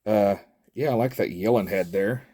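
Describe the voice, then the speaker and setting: A man's voice: lowish voice, moderate pace, dark tone, breathy edge. A middle-aged man, chatting casually and jokily as a toy reviewer, rambling with lots of fillers. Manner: rambling and jokey, with many fillers. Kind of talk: casual chat.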